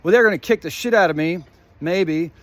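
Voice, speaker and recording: Man, high-pitched voice, rambling conspiratorial vlog monologue, swears a lot, talks to viewers directly. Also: brisk, dry recording. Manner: profane, swears often; rambling, jumps between topics, plays on words. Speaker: vlogger.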